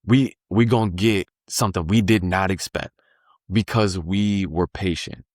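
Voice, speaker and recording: Low-voiced guy on a podcast, easygoing slangy talk, dry close sound. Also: measured pace, dry recording. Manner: laid-back slangy storytelling, animated when voicing the market. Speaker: podcast guest, trader. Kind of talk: casual podcast conversation.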